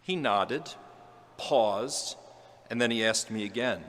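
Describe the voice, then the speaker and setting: A man giving a homily as a priest, telling a personal story in a gentle, earnest way with touches of quiet humor. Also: fairly low pitch, expressive, takes it slowly, a little hiss or hum. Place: large church. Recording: long church reverb.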